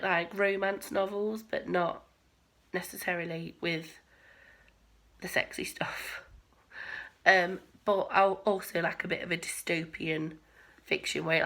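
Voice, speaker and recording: A woman in her twenties chatting casually to camera with a croaky voice, rambling with lots of ums and whispered asides. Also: mid-range voice, pushed and bright. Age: 20s. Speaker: crochet vlogger.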